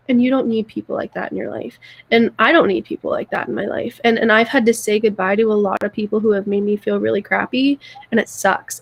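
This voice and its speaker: A woman's voice: mid-range voice, fairly even intonation, normal speed, gravelly, no room sound. A young woman co-hosting a podcast, talking earnestly in a rambling way, repeating words and restarting as she goes. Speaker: podcast co-host. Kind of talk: heartfelt casual chat.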